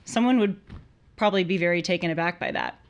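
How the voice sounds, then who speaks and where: A woman's voice: fairly low pitch, quick pace. A young woman hosting a live call-in show, chatting casually and laughing easily. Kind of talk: casual live-stream talk.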